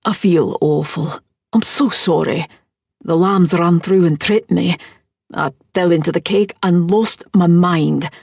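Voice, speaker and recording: A man's voice: high-pitched, measured pace, creaky, darkish tone, slightly rough, no echo, exaggerated voice. A woman voicing an earnest man in an audiobook, apologizing sincerely. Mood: apologetic. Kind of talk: audiobook character voice.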